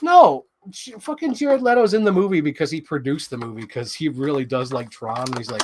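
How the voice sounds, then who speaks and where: A man hosting a toy unboxing show in casual chat, rambling excitedly and swearing freely. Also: a little high, a little fast, few pauses, background noise.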